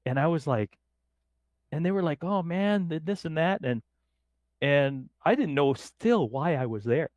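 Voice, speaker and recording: Here a middle-aged northern Canadian man guests on a podcast, telling easygoing stories at a measured pace and animating them by acting out the voices of people he quotes. His voice is slightly high, with no room sound.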